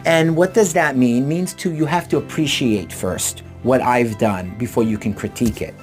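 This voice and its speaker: A man's voice: mid-range voice, normal speed, hardly any pauses, a little mellow, faint music behind. Earnest middle-aged man telling a story. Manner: earnest, reflective, explains by retelling anecdotes. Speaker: author and relationship coach. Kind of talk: personal storytelling and advice talk.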